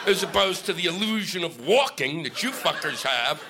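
A man's voice: a little high, lively intonation, normal speed. A man doing a live stand-up comedy set, ranting and sarcastic, heavy on profanity. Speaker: stand-up comic. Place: live comedy venue with laughing audience. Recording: live set with audible audience noise.

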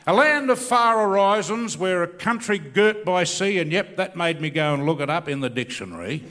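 A middle-aged Australian comedian tells his story in a rambling, laconic way, his pitch rising and falling freely. He recites comic bush poetry for laughs. His voice rings out with a long hall reverb. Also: expressive, moderate pace, fairly bright tone. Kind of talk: stand-up comedy with recited poem.

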